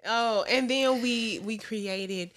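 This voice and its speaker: Young Southern woman podcast co-host; bright, forward tone, country twang, casual and animated. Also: on the high side, takes it slowly. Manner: animated, laughs often, drawling country twang. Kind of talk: casual chat.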